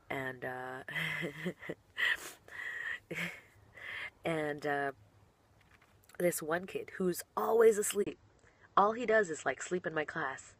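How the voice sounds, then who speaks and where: A young woman with a voice pitched a little low chats casually as she answers questions from fans. She is bubbly and giggly, and her sentences often trail off or restart. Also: takes it slowly, long pauses. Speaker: professional wrestler.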